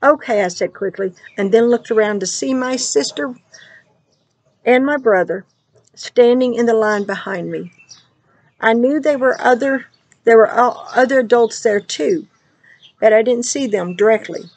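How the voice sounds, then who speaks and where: Husky woman in fervent prayer. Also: a little high, unhurried, darkish tone, low-quality recording. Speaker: dream teller. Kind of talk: praying and recounting a dream.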